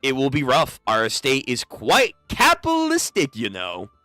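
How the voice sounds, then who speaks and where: A man voicing a smug, scheming young noble lord who speaks slowly with grand, oily graciousness, in a lively, bright voice. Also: mid-range voice, dry recording, faint music behind.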